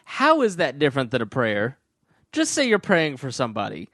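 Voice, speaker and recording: A male podcast co-host ranting sarcastically in a casual, animated chat. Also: mid-range voice, a little fast, no echo, clean studio sound.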